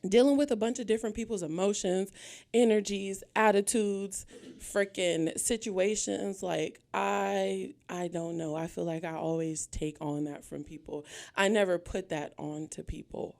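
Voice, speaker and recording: A woman's voice: medium pitch, fairly even intonation, measured pace, vocal fry, a little mellow. A woman hosting her own podcast, now being interviewed, talking casually and candidly, nervous and a little out of breath, laughing often. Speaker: podcast host.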